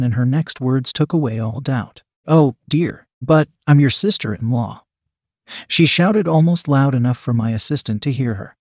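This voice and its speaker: A man narrating a story in the first person, reading at a steady, even pace. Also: medium pitch, dry recording, clean studio sound. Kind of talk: scripted narration.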